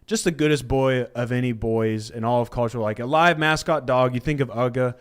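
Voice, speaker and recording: A man co-hosting a casual sports show, relaxed and enthusiastic. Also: mid-range voice, brisk, smooth.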